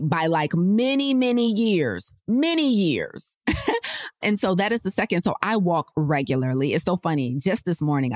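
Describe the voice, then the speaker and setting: A woman hosting a podcast, chatting casually about health and telling animated personal stories straight to her listeners. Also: deep voice, no room sound, clean studio sound. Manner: chatty, animated storyteller who laughs often; addresses listeners directly in slangy speech. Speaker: podcast host.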